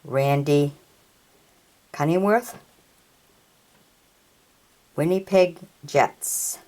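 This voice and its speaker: Woman, low voice, very slow pace, reading card names aloud, halting, stumbles on names. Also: darkish tone. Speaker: hockey card collector. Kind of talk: slow read-out of trading cards.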